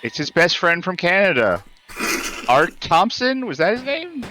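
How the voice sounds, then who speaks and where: A man's voice: high voice, sing-song, measured pace, bright, forceful tone, a little hiss or hum. A man co-hosting a podcast, making wry jokes about a game. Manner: wry, joking. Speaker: podcast co-host. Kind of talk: casual game commentary.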